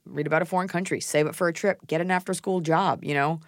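A woman's voice: low voice, fairly even intonation, fast, no echo, studio quality. A woman co-hosting a podcast, giving blunt, casual advice and teasing her co-host, swearing now and then.

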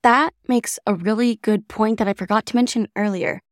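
A bubbly young woman co-hosting a podcast, speaking in a mid-pitched voice. The recording is close and dry, with no room sound, and her chat is upbeat and eager. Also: fairly even intonation, moderate pace, dry recording. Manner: bubbly and enthusiastic. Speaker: podcast co-host.

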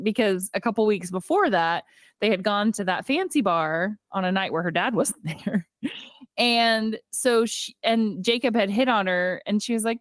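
A woman's voice: mid-range voice, brisk, dry recording. A young adult woman chats through a movie recap, acting out snippets of dialogue as she goes. Her voice sits in a middle register and is recorded close and dry, with no room sound. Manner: chatty, retells scenes with quoted lines. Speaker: podcast co-host. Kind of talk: casual movie recap chat.

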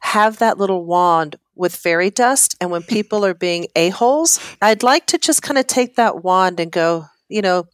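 Low-voiced middle-aged woman guest. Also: normal speed, few pauses, no room sound, clean studio sound. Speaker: interior designer guest. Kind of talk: casual interview chat.

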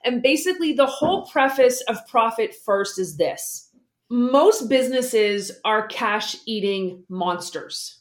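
A woman guest explaining money habits in a casual interview, lively and acting out the voices she quotes. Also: on the high side, slow, roomy sound. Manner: animated, acts out quoted voices.

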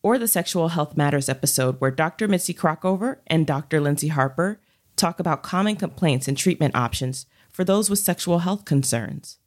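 A woman who produces podcasts, reading a scripted promo in an even, measured way. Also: sits low.

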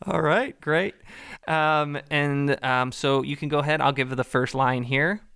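A man playing a polite, fumbling casting director in an improvised comedy scene, halting and soothing. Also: on the high side, expressive, vocal fry, fairly bright tone, clean tone, dry recording, heavily acted. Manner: halting, full of ums, soothing.

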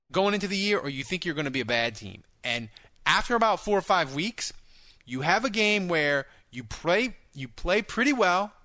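A man hosting a casual sports talk show, animated and quick with asides, often repeating words as he thinks. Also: on the high side, dry recording. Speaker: podcast host.

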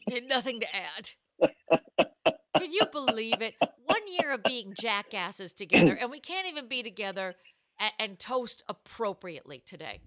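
A woman's voice: on the high side, normal speed. A woman hosting a comedy podcast, talking in a playful, theatrical way from a home mic. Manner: playful, animated, theatrical gasps and laughs. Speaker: podcast host. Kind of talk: casual comedy podcast chat.

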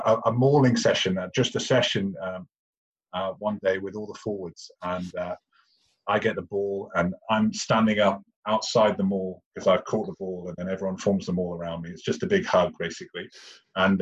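Posh English man, husky and low. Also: dull audio. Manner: chatty, self-deprecating, restarts often. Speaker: guest, retired rugby player. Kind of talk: casual storytelling chat.

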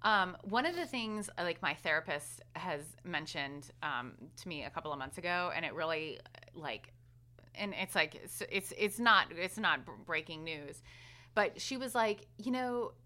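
Chatty woman co-host, lowish pitch, bright and forceful, lots of likes and restarts. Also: expressive, moderate pace. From Asheville area. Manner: chatty, many fillers and restarts. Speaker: podcast co-host. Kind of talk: casual podcast chat.

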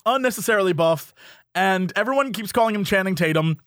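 High-voiced guy recapping stuff, all over the place pitch-wise, laughs a lot, dry close sound. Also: fast talker, dry recording. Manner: animated storyteller, laughs often. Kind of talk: casual chat recapping a reality show.

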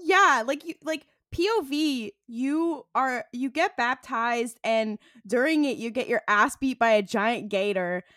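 A woman co-hosting a podcast, chatting in an excitable way, laughing and swearing as she talks. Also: fairly high pitch, a little slow, few pauses, dry recording, clean studio sound. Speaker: podcast co-host. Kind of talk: casual chat.

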